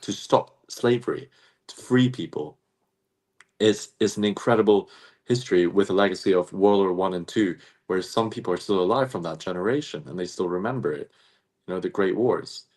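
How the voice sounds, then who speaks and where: Man, low pitch, emphatic, blunt, interview guest. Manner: passionate, emphatic, blunt with mild swearing. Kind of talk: live-stream interview.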